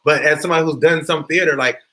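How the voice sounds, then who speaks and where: Quick, bright-voiced man hosting an interview. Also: on the high side, low-quality recording. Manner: eager, animated, quick backchannels. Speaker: show host. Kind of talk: conversational interview.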